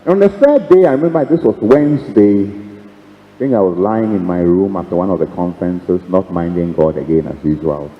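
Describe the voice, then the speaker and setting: A man's voice: low-pitched, animated, moderate pace. A man, a priest, giving a retreat talk with humor, acting out the dialogues he tells and chuckling along the way. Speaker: priest preaching a retreat conference. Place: seminary hall. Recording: echoey hall, dull lo-fi sound.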